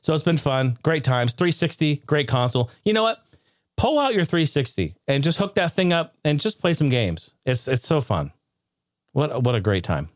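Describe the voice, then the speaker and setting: A man hosting a casual live stream, excitable and ranting one moment, joking the next. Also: fairly high pitch, normal speed, no room sound, clean studio sound. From United States. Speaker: streamer and show host.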